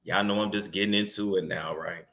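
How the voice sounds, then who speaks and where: A man's voice: deep voice, fairly even intonation, a little fast, sharp tone. A man hosting a celebrity gossip vlog in a brash, profane, sarcastic rant to camera. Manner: playful sing-song repetition.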